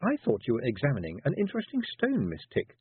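A clever eleven-year-old girl, as a man plays her in a storybook reading, curt and polite, pitched very high with a husky edge. The sound is thin and tinny. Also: huge pitch swings, moderate pace, dry recording, exaggerated voice. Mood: cool. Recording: tinny phone-like dry sound.

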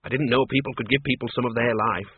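A man voicing a blunt older countrywoman farmer who talks briskly and scornfully. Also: rumbling low, husky, no room sound. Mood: nosy. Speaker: narrator voicing a character. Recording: tinny radio broadcast.

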